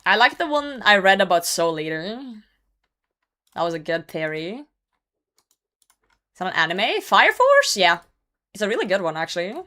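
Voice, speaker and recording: A woman's voice: on the low side, lively intonation, moderate pace, long pauses, sharp tone. A young woman streaming a game and chatting casually, reading chat messages aloud and laughing often. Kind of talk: casual gaming livestream chat.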